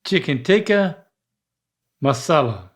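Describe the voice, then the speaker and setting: A man's voice: fairly high pitch, animated. An older man, chatting on a podcast and sounding out words hesitantly. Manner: hesitant, slow to sound out words, easy laughs. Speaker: podcast co-host. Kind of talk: casual podcast chat.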